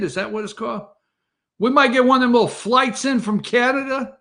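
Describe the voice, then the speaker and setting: A man's voice: very high voice, a little fast, bright, forceful tone. A man hosting a morning show, giving heated, rambling political commentary straight to his viewers.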